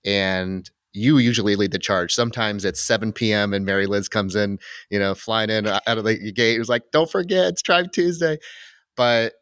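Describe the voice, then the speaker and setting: A man hosting a podcast, talking in a relaxed and reflective way, with frequent restarts and fillers. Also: lowish voice, moderate pace, few pauses, smooth, dry recording, clean studio sound. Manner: reflective, rambling with many restarts. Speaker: podcast host. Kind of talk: casual conversational interview.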